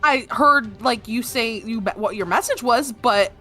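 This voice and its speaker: A woman's voice: a little high, unhurried, bright, forceful tone, soft background music. A woman player in a tabletop game, chatty and full of likes and restarts. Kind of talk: casual tabletop play.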